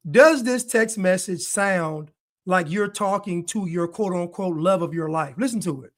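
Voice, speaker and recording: A man's voice: sits high, measured pace, a bit bright. A man giving video commentary, hammering points with repeated rhetorical questions. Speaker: online commentator.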